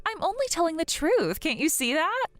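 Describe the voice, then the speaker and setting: A woman's voice: extremely high pitch, sing-song, moderate pace, a bit bright, no echo, full character voice. A woman playing a sneering, snobbish rich girl. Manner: mocking, sing-song and contemptuous. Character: haughty, snobbish rich young woman sneering at her sister-in-law. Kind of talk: voiced animated story drama.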